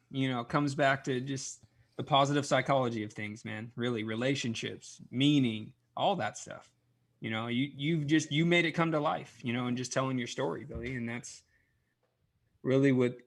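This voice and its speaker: A man's voice: mid-range voice, a bit bright. A man hosting a podcast, talking in a thoughtful, reflective way, with frequent "you know"s as he draws lessons from the stories. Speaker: podcast host. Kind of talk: casual reflective chat.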